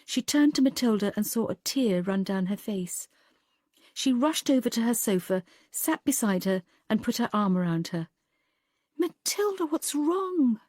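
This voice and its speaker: A woman narrating an audiobook in a calm, even storytelling manner. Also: medium pitch, normal speed, dry recording, studio quality. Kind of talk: scripted narration.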